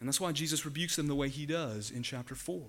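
A man preaching a sermon to his congregation, earnest and emphatic, slowing down and dropping his voice on the words he wants to stress. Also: a little high. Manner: earnest, emphatic, slows and drops to a hush for key words. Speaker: pastor.

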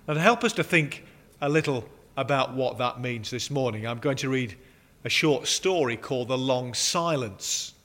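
A man preaching, opening with a prayer and reading a story aloud, slowing down on key words. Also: mid-range voice, a bit bright. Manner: measured, slows on key words.

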